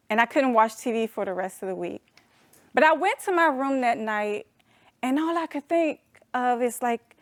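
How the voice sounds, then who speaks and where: An adult woman telling a humorous personal story to an audience, animated and playful, calling them y'all. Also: high voice, no echo, clean studio sound. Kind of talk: storytelling talk.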